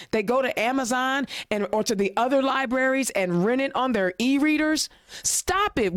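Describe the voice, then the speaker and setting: A woman with a high-sitting voice, recorded dry in a studio, hosts an Indiana-based political podcast. Slightly choked up, she launches into a passionate rant packed with rhetorical questions and casual slang, then handles sponsor plugs and guest introductions.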